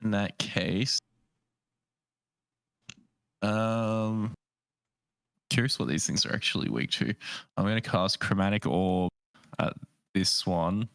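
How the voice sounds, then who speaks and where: A man's voice: fairly low pitch, slow, vocal fry, pauses often, fairly bright tone, no echo. A man playing in a tabletop game, stating his actions matter-of-factly. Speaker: player. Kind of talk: casual tabletop game chat.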